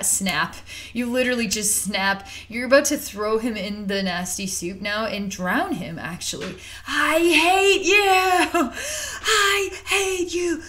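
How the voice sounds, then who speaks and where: A woman's voice: medium pitch, a bit bright. A woman talks through a psychic reading off the cuff. She rambles, circles back with repeated words, and drops casual slang as she goes. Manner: rambling and repetitive, conversational, with slang. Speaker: psychic reader.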